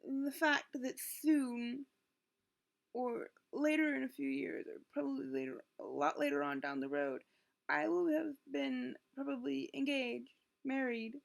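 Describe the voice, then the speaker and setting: This young woman in her late teens has a high, gravelly voice and a sore throat. A vlogger, she records a confessional video at home through her computer's built-in webcam mic, talking in a rambling, emotional way and cutting herself off.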